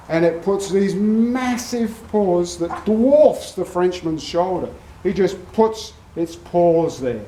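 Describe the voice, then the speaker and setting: An Australian man and regular vlogger, telling a long, rambling anecdote to camera in a meandering, unhurried way. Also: high-pitched, darkish tone, a little hiss or hum. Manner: slow, meandering storyteller. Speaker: vlogger, horse owner. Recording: roomy echo, from far off the mic.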